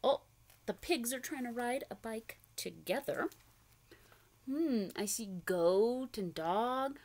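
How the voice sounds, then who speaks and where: A woman's voice: fairly high pitch, sing-song, slow, darkish tone. A young woman reading a picture book aloud to preschoolers, asking the listener questions and making animal noises. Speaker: children's storyteller.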